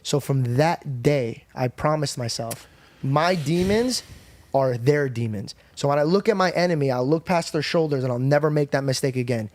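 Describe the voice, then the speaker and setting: A young man on a podcast telling a personal story in a candid, profane, animated way. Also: mid-range voice, moderate pace, no echo. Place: podcast studio.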